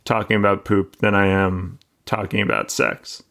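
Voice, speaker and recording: A man's voice: sits low, big pitch swings, moderate pace, creaky, a bit bright. Shy, self-deprecating podcast host man. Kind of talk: casual podcast narration and interview.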